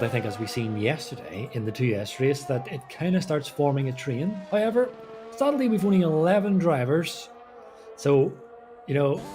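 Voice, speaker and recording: Male guest commentator with a somewhat high, animated voice, explaining the lines and braking, modest and joking. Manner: self-deprecating, explains driving technique. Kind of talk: sim racing commentary.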